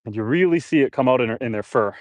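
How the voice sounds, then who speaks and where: A homestead livestreamer talks fast and expressively as he waters trees outside, rambling to his audience and his animals. His mid-range voice has a darkish tone, and there's no room sound.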